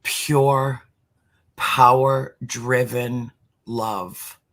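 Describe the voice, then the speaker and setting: A middle-aged man talking through a heartfelt spiritual conversation, slow and deliberate, sometimes sinking to a near-whisper for emphasis. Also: medium pitch, little pitch movement, a bit bright.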